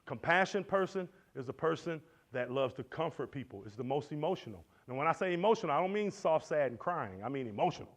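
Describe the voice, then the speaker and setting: A man teaching at a Christian men's conference, animated and preacherly, swinging between loud and soft. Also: on the high side, quick pace, hardly any pauses. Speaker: conference speaker. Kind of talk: motivational church teaching. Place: lecture hall. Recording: dull lo-fi recording.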